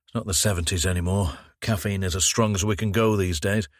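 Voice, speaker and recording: A calm male detective who keeps control and talks others through panic, read by the narrator in near his own voice. The voice is low and steady, recorded dry and close. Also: brisk, dry recording. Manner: calm, firm, reassuring.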